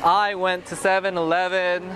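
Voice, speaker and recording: A man's voice: high-pitched, flat delivery, normal speed. A man chatting casually as a vlogger in a supermarket, playful and laughing often. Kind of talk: casual vlog chat. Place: supermarket, indoors. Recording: noisy store background.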